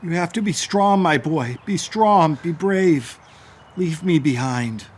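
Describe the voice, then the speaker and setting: A man's voice: on the high side, expressive, slow, breathy edge, exaggerated voice. An actor playing a stern father who gives his son grave, commanding orders in a film drama. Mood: urgent. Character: stern, protective father facing danger.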